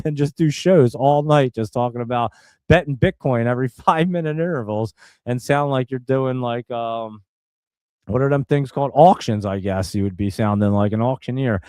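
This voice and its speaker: A man hosting a stream, giving casual live play-by-play commentary in a chatty, excitable way and talking straight to his viewers. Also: medium pitch, no room sound. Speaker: stream host.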